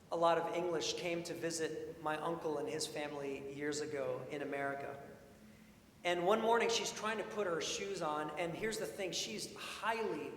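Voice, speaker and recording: A man preaching a sermon as pastor, earnest and measured, his phrase endings dropping quiet. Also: on the high side, a little hiss or hum. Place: church. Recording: echoey church hall with long reverb.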